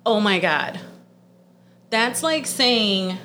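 A woman's voice: a little high, animated, unhurried, a little hiss or hum. A woman in her thirties ranting in a blunt, profane, exasperated way, speeding up in heated bursts. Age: 30s. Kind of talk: ranting monologue.

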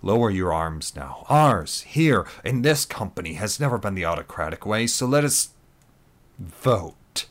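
A proud, unbalanced male commander addressing his troops in forceful, declamatory speeches, as a male narrator plays him. The voice sits very low and deep, and every line pushes. It sounds like an audiobook reading. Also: big pitch swings, moderate pace, few pauses. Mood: commanding.

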